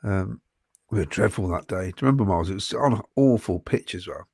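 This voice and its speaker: A man's voice: deep voice, fast talker, creaky, a little mellow, breathy edge, no room sound, clean studio sound. A man co-hosting a fan podcast, reading out viewer comments with frequent ums and chuckles in casual chat.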